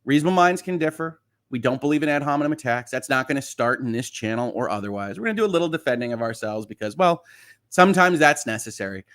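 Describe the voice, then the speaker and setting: Man, middle-aged, livestream host, casual chat, reassuring, laughs a lot, mid-range pitch. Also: fairly bright tone. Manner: reassuring, chatty, laughs often.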